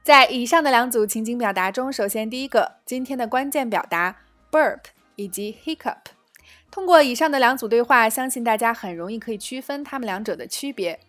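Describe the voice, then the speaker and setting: A woman with a high voice teaches phrases in a scripted lesson. She reads short dialogue lines clearly and carefully, then explains them in Mandarin. Faint music plays under her voice. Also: fairly quick, fairly bright tone. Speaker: English teacher.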